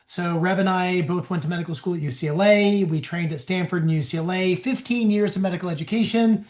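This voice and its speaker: A man's voice: high voice, fairly quick, a little mellow. A man, a physician, giving a casual continuing-education lecture in a conversational, bantering way. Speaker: physician presenter. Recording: echoey room.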